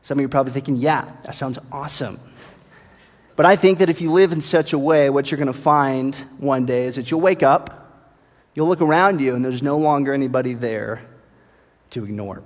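A man's voice: medium pitch, fairly quick. Man preaching in a reverberant church. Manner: playful, tongue-in-cheek sarcasm. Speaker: pastor. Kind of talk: sermon. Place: church sanctuary.

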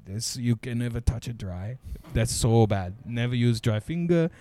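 A man's voice: mid-range voice, expressive, normal speed, dark tone, voice pushed down, close to an everyday voice. A man imitating a goofy foreign male video instructor who lectures earnestly in broken-English phrasing. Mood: lecturing.

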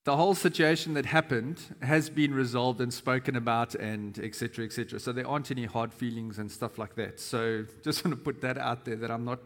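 A pastor in his forties gives a conversational sermon, pausing often with fillers and restarts. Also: mid-range voice, steady tone, a bit bright. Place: church. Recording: long hall reverb.

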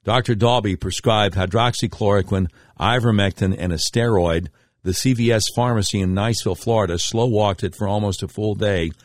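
A middle-aged man hosts a radio talk show with a fairly low voice. He tells his stories emphatically, with a tone of indignation and sharp swings of pitch. The recording is dry and close, with no room sound. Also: brisk, no echo. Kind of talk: political commentary monologue.

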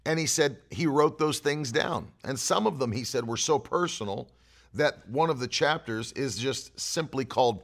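A man preaching a sermon, telling a story earnestly and repeating key phrases for emphasis. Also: medium pitch. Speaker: pastor. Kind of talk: sermon teaching.

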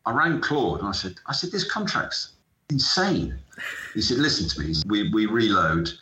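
A man's voice: lowish voice, fairly quick, a little hiss or hum. A middle-aged man from the UK, a sports entrepreneur telling stories as an interview guest, acting out the conversations he recalls. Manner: animated anecdotal, acts out dialogue. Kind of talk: storytelling interview. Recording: echoey room, dull lo-fi sound.

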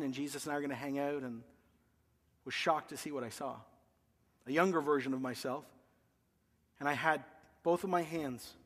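A man's voice: a little high, a bit bright, long reverb tail. A man, a pastor, earnestly telling a personal story in a sermon, his voice rising when he quotes himself. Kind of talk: sermon testimony.

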